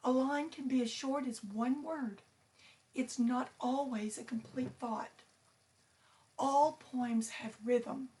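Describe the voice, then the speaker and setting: Slow, patient woman teacher reading aloud. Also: high voice, mellow. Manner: slow, clear, patient read-aloud with emphasis on syllables. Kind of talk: reading a picture book aloud to students.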